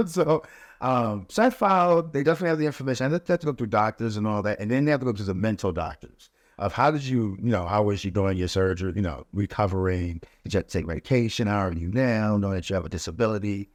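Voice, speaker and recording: A man, a podcast guest, telling his story in a relaxed, casual way with many fillers, and growing animated as he relives the events. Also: fast, dry recording, studio quality. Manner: animated, rising pitch when reliving events.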